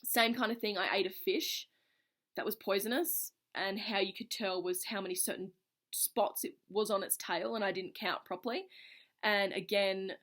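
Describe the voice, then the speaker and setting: A woman's voice: medium pitch, fairly even intonation, moderate pace, fairly bright tone. A woman vlogger casually telling a personal story to camera in an earnest, reflective way, her phrases running on loosely with many fillers.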